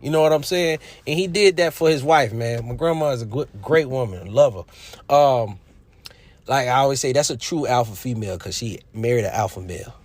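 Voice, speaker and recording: Man, casual commentator, preachy and emphatic, loud bursts then quiet asides. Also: medium pitch, a little fast, no echo. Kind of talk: casual opinion monologue.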